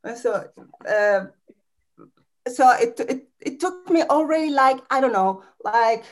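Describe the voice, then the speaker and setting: A woman telling a halting, self-mocking anecdote as a student in an improv class. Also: fairly high pitch, lively intonation. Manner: slow, halting, laughs at herself.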